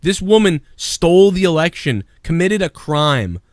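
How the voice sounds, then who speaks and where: A man hosting a live stream rants heatedly and swears often as he talks. His voice sits a little high and sounds dry and close. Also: big pitch swings, a little slow, dry recording. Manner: heated ranting, profane. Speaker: stream host. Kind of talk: casual profane stream chat.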